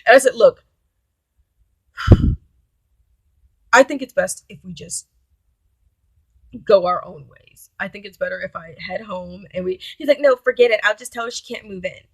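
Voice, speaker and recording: A young woman recounts a personal story in a casual, blunt way, swearing freely and quoting both sides of the exchange. Her voice sits at a middle pitch for a woman. It is recorded close and dry, with no room sound behind her. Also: unhurried, long pauses, husky, no echo. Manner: blunt, profane, indignant retelling with quoted dialogue.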